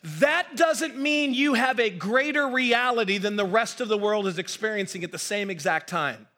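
A man's voice: sits high, moderate pace, pushed and bright. A middle-aged American man preaching a sermon to his congregation in a conversational way, with self-deprecating asides and repeated words as he builds a point. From United States. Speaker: pastor. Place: church hall.

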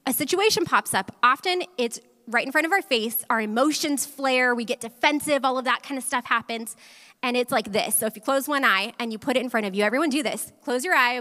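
A woman pastor in her thirties preaching a sermon to a church audience, telling a personal story in an animated way and speaking directly to the crowd. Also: high voice, a little fast. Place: large church hall. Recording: long hall reverb.

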